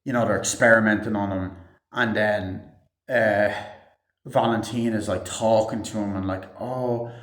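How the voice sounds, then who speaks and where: A man's voice: lowish voice, steady tone, moderate pace, a bit bright. A man giving a casual, rambling movie review, swearing freely and filling his talk with "like" and "um". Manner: rambling, heavy swearing, many fillers. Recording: roomy echo.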